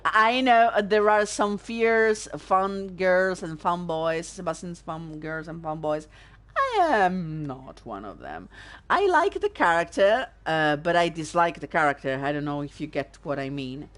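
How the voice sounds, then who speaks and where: A woman's voice: fairly low pitch, sing-song, unhurried. Chatty woman with sarcastic asides. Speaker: let's play host. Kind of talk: casual gameplay commentary.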